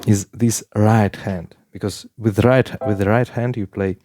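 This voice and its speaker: A man teaching a piano lesson in plain talk, with halting phrasing, counting beats aloud while he plays. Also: fairly low pitch, fairly even intonation. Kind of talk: casual piano tutorial. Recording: piano playing loudly alongside.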